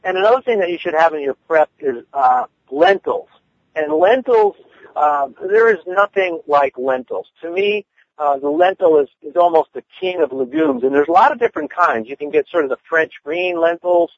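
A man's voice: fairly high pitch, lively intonation, normal speed, dry recording. A man chatting casually about cooking, rambling with lots of fillers. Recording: dull lo-fi dry sound.

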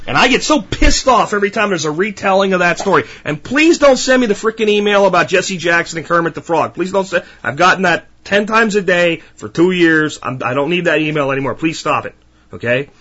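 A man's voice: a little high, sharp tone, dull audio. A man hosting a podcast who talks in a passionate, emphatic, ranting way. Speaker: podcast host. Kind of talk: monologue podcast.

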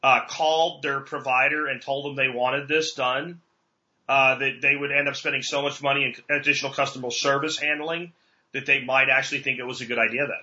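A man's voice: mid-range voice, flat delivery, brisk, sharp tone, lo-fi sound. A man hosting a podcast interview, talking in a casual, blunt way. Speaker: podcast host.

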